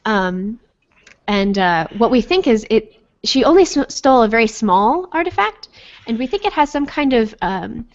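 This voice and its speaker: A woman's voice: mid-range voice, highs cut off, lightly acted. A woman voicing a composed older female professor who speaks formally.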